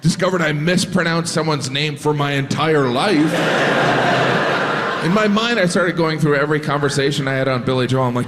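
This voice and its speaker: A man performing a stand-up comedy bit, telling an animated story and mimicking other voices. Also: fairly high pitch, moderate pace. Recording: live stage audio with long reverb and audience noise.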